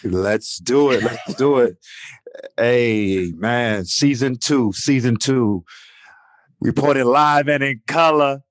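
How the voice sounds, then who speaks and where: A man's voice: medium pitch, slow, no room sound, studio quality. A man co-hosting a podcast in casual, emotional chat, often saying "you know" and "man". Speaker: podcast co-host.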